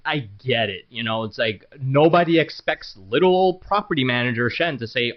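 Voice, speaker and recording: A man's voice: mid-range voice, animated, moderate pace, few pauses, muffled recording. A man who works as a property manager, talking casually to camera about his business in a frank, rambling way, with many fillers and restarts.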